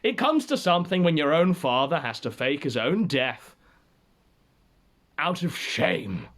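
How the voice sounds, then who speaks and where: A man's voice: on the high side, big pitch swings, a little slow, a bit bright. A man hosting a livestream, giving sardonic, theatrical commentary. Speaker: show host.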